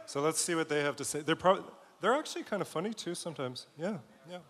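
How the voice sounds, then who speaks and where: A man's voice: on the high side, expressive, quick pace, fairly bright tone. A man hosting a roast live, teasing the speakers and chuckling as he introduces the next act. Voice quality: teasing, chuckling between lines. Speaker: roast host. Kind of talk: live emcee banter. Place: live event venue. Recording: reverberant hall with faint noise.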